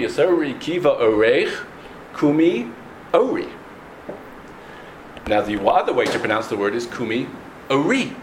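Man teaching in a lively, singsong voice. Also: mid-range voice, slight background noise. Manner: halting restarts, lively singsong stress on Hebrew words. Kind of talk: Torah lesson on Hebrew pronunciation. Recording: echoey room with faint ambience.

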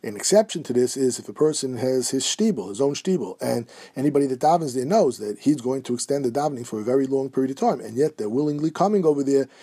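Husky man giving a steady halachic lecture. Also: medium pitch, fast, hardly any pauses. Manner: steady explanatory, mixing Hebrew quotes with English. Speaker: Torah teacher.

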